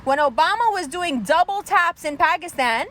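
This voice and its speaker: A woman's voice: very high-pitched, lively intonation, moderate pace, fairly bright tone. A woman delivering an angry, sarcastic, profane political rant as a commentator. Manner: angry, sarcastic, heavy swearing.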